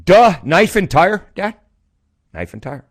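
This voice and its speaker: A man putting on a bright, cheerful little boy. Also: high-pitched, sing-song, slow, voice pushed up, full character voice. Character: cheerful young boy, his son, upbeat.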